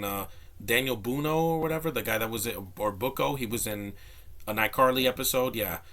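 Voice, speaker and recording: Rambling bright-voiced man reviewing a film. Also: lowish voice. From Hispanic background. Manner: rambling, many restarts and fillers. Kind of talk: casual spoken movie review. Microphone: phone.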